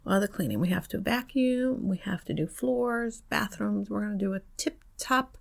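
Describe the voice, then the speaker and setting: A woman's voice: medium pitch, moderate pace, vocal fry. A woman in her fifties co-hosting a podcast, chatting casually in a teasing, matter-of-fact way and drawing out some words. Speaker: podcast co-host. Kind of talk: casual chat.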